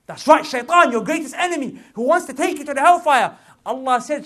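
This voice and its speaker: Male preacher, high and swooping, lecturing a young crowd with emphatic repetition and street slang. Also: fairly quick. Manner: animated, repeats points for emphasis, slips into street slang. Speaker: Islamic preacher. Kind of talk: lively religious lecture to a young audience.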